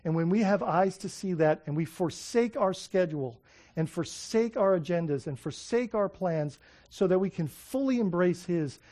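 A man preaching a sermon, telling stories with excitement, often restarting his sentences. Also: high voice. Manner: excited storytelling, many restarts and fillers. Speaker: pastor.

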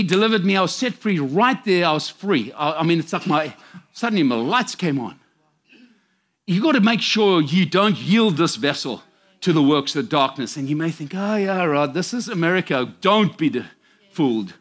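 High-voiced emphatic male preacher. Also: animated, moderate pace, a bit bright. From South Africa. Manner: emphatic and direct, warning the congregation. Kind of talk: sermon.

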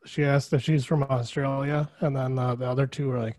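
A man's voice: mid-range voice, flat delivery, brisk, darkish tone, no room sound. A man co-hosting a movie podcast in casual, chatty talk, filled with "like". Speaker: podcast co-host. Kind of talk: casual chat.

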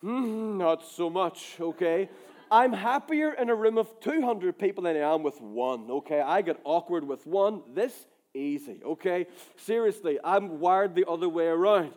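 A Northern Irish man preaching with an unusually high voice. He tells his story in an animated, emphatic way, driving each point home. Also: measured pace. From Ireland. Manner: animated, emphatic, acts out dialogue. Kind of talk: storytelling sermon.

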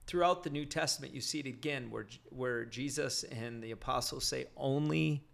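A man's voice: mid-range voice, a little fast, vocal fry, a bit bright. A male pastor teaching in an earnest, conversational way, often restarting and repeating phrases. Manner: earnest, repetitive, many restarts.

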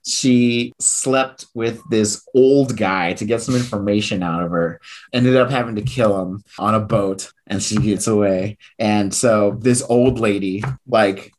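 A man's voice: lowish voice, a little slow. A man in casual conversation, recapping a comic book plot with frequent laughs and quoted bits of dialogue. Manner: chatty, laughs often, retells with quoted dialogue.

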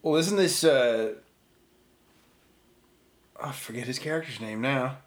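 A man's voice: medium pitch, measured pace. A man co-hosting a podcast, chatting casually during a movie commentary, laid-back with short replies and frequent laughs. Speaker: podcast co-host.

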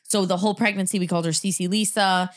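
A woman's voice: medium pitch, fast. A woman in her thirties co-hosting a podcast, telling funny family stories with lots of laughter. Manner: animated, laughing storyteller. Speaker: podcast co-host. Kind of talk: casual chat.

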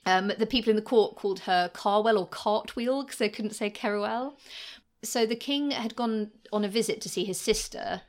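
A woman co-hosts a podcast, chatting casually through history stories at a normal speed in a medium-pitched voice. She says "like" a lot and laughs often.

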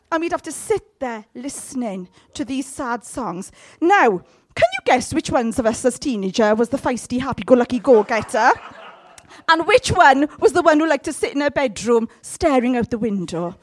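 A woman giving a sermon in a humorous, conversational way, with sudden loud, high outbursts. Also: sing-song, normal speed. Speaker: preacher.

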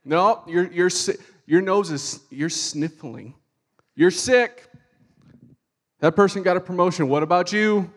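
A man's voice: high voice, a little slow. A preacher in a long-echoing hall voicing a taunting male devil that nags and accuses. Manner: nagging, accusing.

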